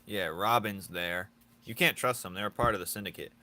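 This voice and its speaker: A man's voice: lowish voice, a little fast, sharp tone. A man chatting casually with his viewers while drawing on a live stream, teasing and joking, laughing often.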